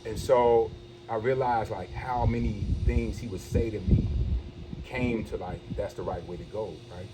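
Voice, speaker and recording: A man's voice: on the low side, fairly even intonation, a little slow. A man hosting a casual one-on-one conversation, talking in an earnest, reassuring, loose way with some swearing. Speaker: host. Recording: noisy background hiss.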